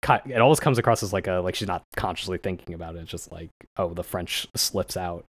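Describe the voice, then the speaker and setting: A man co-hosting a casual anime podcast, rambling with frequent laughs and acting out lines in a higher voice. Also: fast. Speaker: podcast co-host.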